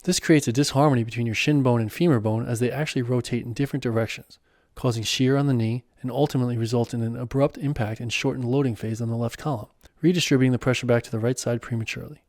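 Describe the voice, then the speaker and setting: A calm, wise male mentor in an audio story, as a man narrator puts him on, speaking slowly and serenely with a gentle teasing edge. The voice is mellow and warm, and the recording is close and dry with no room sound. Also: mid-range voice, no echo, close to an everyday voice. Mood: explaining.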